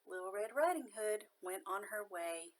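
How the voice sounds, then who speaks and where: Woman storyteller, gentle, expressive children's read-aloud. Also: medium pitch, moderate pace, a little hiss or hum, rough recording. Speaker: storyteller nanny.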